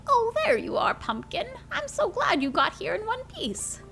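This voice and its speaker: A woman's voice: very high voice, wildly swooping pitch, moderate pace, gravelly, pitched above the performer's own voice, full character voice. A woman voicing a fussing old grandmother in a cozy game, with a doting, sing-song delivery.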